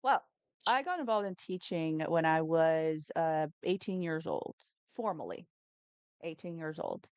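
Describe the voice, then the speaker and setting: A woman's voice: sits low, very animated, unhurried, darkish tone, smooth, no echo, lo-fi sound. A woman who teaches English pronunciation, chatting as an interview guest with lots of fillers and self-corrections. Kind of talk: casual interview answers.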